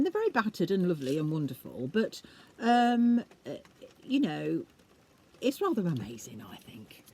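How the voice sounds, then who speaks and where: A woman rambling chattily to camera, with a husky voice and frequent fillers. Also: mid-range voice, a little mellow. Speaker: vlogger and collector. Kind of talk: casual chat.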